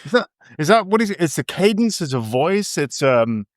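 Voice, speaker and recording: A man's voice: a little high, sing-song, moderate pace, no room sound, studio quality. A man, an author guest on a podcast, chatting in a rambling, playful way with many restarts. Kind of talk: casual interview chat.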